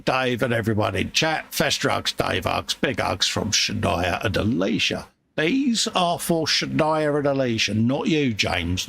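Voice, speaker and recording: A matey man hosts a relaxed livestream chat and reads out viewer messages. His voice is gravelly with a bright, forward edge. A faint noise sits underneath. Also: fairly low pitch. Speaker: livestream host reading chat.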